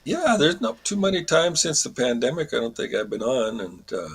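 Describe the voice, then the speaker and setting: A man joining a radio show remotely as a guest, chatting in a relaxed, easygoing way. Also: medium pitch, moderate pace, husky. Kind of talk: casual chat.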